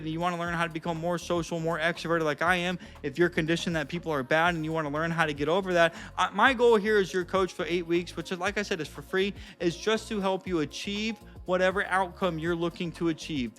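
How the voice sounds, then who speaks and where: A young man talking casually to camera as a vlogger and coach, energetic and profane, acting out short everyday exchanges. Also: high-pitched. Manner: energetic, profane, bro-ish, acts out little dialogues. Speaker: vlogger and social skills coach. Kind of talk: casual vlog talk to camera.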